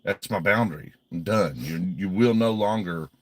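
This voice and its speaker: A man's voice: low voice, moderate pace, dry recording. A man hosting a casual livestream, blunt and heavily profane, often agitated as he reads viewer donations.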